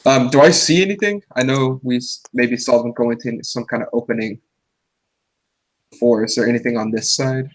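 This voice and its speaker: Husky-voiced joking male player. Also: mid-range voice, normal speed, low-quality recording. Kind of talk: casual tabletop game chat.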